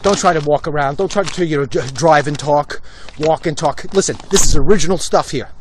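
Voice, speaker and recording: Walking along a residential street and speaking into a phone, a middle-aged man hosts a walk-and-talk show and rants bluntly about politics. His pitch is fairly high, his pace a little fast, and the background is noisy.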